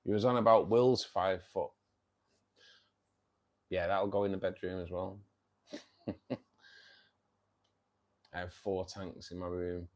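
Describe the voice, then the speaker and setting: Jokey man, lowish voice. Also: fairly even intonation, slow, pauses often, darkish tone. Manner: jokey, laughs often, teasing. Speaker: host of a fishkeeping livestream. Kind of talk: casual chat reading viewer comments.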